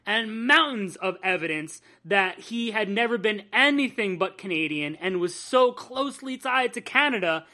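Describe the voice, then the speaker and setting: A woman hosts a podcast in a loose, conversational way, swearing now and then and restarting her sentences. Her voice sits at a middling pitch for a woman. She sounds like she's chatting with friends rather than reading. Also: animated, moderate pace, few pauses, sharp tone. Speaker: podcast host. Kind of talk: casual podcast chat.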